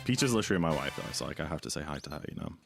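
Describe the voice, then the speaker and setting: A man's voice: extremely low pitch, animated, rapid-fire, creaky. A man streaming a game, chatting casually and rambling while he reads and answers his chat. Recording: game music playing behind.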